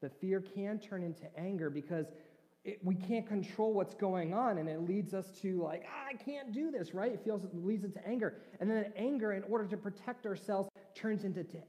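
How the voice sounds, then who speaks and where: A man's voice: high-pitched, moderate pace, warm tone. A man preaching a conversational sermon, joking with his congregation. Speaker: pastor. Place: church hall. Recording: reverberant church hall.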